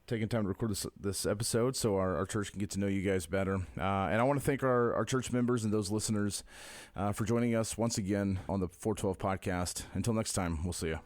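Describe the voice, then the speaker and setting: Low-voiced male podcast host. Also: fairly even intonation, a little fast, music in the background. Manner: easygoing, affirming interjections. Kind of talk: casual interview chat.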